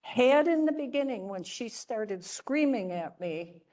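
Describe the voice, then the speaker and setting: An older woman, a religious sister, teaching a class through stories in a gentle, chatty way, often checking in with her listeners. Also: fairly high pitch, lively intonation, measured pace. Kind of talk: storytelling lecture to a class.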